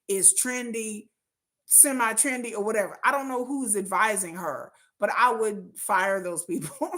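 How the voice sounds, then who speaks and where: A woman, chatting casually with viewers on her livestream, laughing often and jumping high in pitch when excited. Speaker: livestream host.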